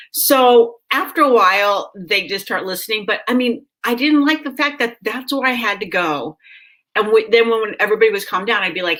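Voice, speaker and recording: A middle-aged woman who hosts a parenting show, telling her own story in a casual, animated way. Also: mid-range voice, moderate pace. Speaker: parenting magazine host.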